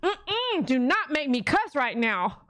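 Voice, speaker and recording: A woman's voice: sits high, sing-song, takes it slowly, a bit bright, dry recording. A woman hosting a casual livestream, reading viewer comments and answering them emphatically. She talks like a preacher and keeps humming "mm-mm" between points. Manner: emphatic and preachy, with frequent "mm-mm" hums.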